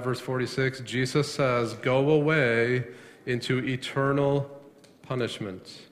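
A man preaching a sermon as a pastor, asking the congregation questions and answering them himself, often repeating words for emphasis. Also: medium pitch. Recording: long echo of a large hall.

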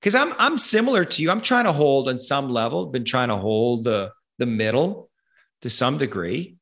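Husky man in an angry, profane rant. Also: mid-range voice, animated, normal speed, fairly bright tone. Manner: profane, angry, emphatic ranting. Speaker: podcast host. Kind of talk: heated ranting conversation.

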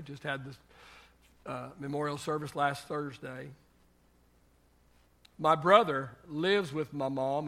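A man's voice: a little high, fairly bright tone. An older man preaching a sermon on marriage as pastor, telling folksy family stories and building to emphatic exhortation.

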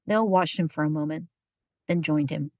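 Low husky woman narrating a story. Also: moderate pace, darkish tone, dry recording, clean studio sound. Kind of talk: audiobook narration.

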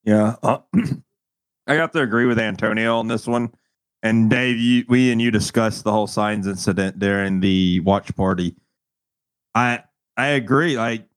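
A man's voice: mid-range voice, no echo. A man co-hosting a casual podcast, earnestly arguing his point. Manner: earnest, argues a point steadily. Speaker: podcast co-host. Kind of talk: casual chat.

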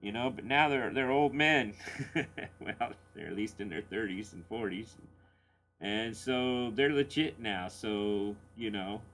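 A man's voice: lowish voice, takes it slowly, a bit bright. A middle-aged man hosting a blues radio show, casually answering listener letters in a rambling, candid way with plenty of fillers and chuckles.

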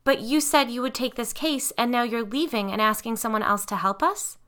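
A woman's voice: medium pitch, fairly quick, sharp tone, pitched above the performer's own voice, natural voice. A woman voicing a desperate mother who demands and argues angrily. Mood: furious.

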